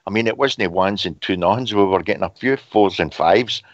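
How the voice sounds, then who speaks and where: A man on a casual fan show, giggly and lively. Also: low voice, moderate pace, dry recording. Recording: dry lo-fi sound.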